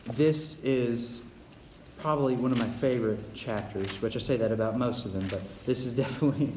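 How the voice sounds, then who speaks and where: A man preaches a sermon in an earnest, repetitive manner, tripping over words and restarting his sentences. His voice sits at an ordinary middle pitch. It rings with the long reverb of a hall, with faint ambience in the background. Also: normal speed, darkish tone, a little hiss or hum.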